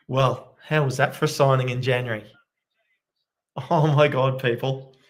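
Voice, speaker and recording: Fan watchalong host: a man calling the game with quiet excitement at home late at night, medium pitch. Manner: excitable, bursts into loud cheering. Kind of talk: live match commentary for viewers.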